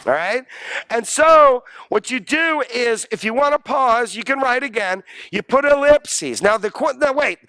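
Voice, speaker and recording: A man's voice: very high-pitched, measured pace, clean tone, dry recording. A man lecturing a college class, joking and quizzing his students. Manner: animated, jokey, asks the class questions.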